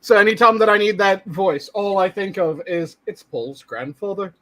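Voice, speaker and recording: A man's voice: sits high, normal speed, a bit bright. A man co-hosting a podcast, chatting casually and explaining bits of trivia he looked up. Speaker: podcast co-host. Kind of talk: casual chat.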